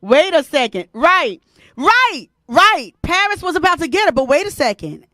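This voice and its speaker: A woman hosting a casual live stream, animated and laughing often, greeting viewers by name. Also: very high-pitched, normal speed, dry recording, studio quality. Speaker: host.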